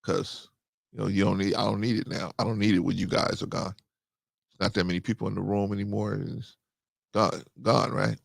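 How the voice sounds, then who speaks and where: A man's voice: lowish voice, fairly even intonation, moderate pace, gravelly, no room sound. A man in his fifties hosting a casual monologue, telling a story and repeating phrases for emphasis. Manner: storytelling, acts out quoted dialogue. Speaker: host.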